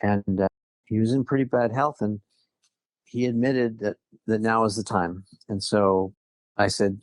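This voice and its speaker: Low-voiced man telling his story. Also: steady tone, a little slow, dry recording. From Southern California. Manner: chatty, quotes others, frequent light laughs. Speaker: podcast guest. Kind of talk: casual interview storytelling.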